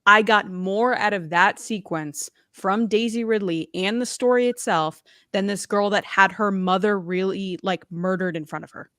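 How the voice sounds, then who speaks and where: A woman in casual podcast chat, blunt and sarcastic, who laughs as she picks things apart. Her voice sits at a middle pitch and is recorded dry and close. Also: moderate pace, hardly any pauses, a bit bright, dry recording. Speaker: podcast co-host.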